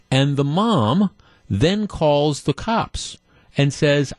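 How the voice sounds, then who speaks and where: A man's voice: on the high side, animated, very slow, no echo. A middle-aged man hosting a talk radio show, telling a story in a conversational, sardonic way with frequent restarts.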